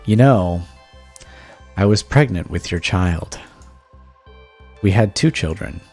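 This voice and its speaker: A man's voice: deep voice, lively intonation, slow, creaky, darkish tone, slightly rough, faint music behind, full character voice. A man voicing a doting, possessive young wife while reading a text game aloud, in a plain, lightly acted tone. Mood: sweetly possessive.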